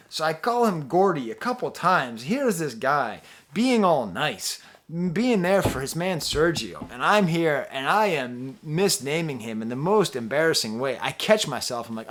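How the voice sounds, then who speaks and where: A man's voice: on the high side, very animated, normal speed, a bit bright. A middle-aged man telling a story in a casual vlog as a music reviewer, rambling and self-deprecating, with lots of restarts.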